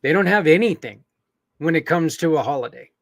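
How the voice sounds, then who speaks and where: A man's voice: a little high, animated, brisk, creaky, dry recording. A man hosting a podcast, making an earnest, rambling appeal to listeners, with many fillers and restarts. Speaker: podcast host.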